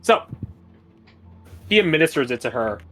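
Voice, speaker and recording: A man's voice: a little high, very animated, normal speed, bright, forceful tone, soft background music. A man narrating as game master of a tabletop game in a casual, laughing manner and swearing freely.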